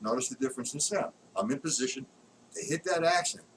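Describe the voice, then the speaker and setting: A man's voice: medium pitch, expressive, fast, very noisy. A man teaching a live drum lesson, counting beats aloud as he demonstrates strokes. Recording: distant mic, loud drumming and clicks.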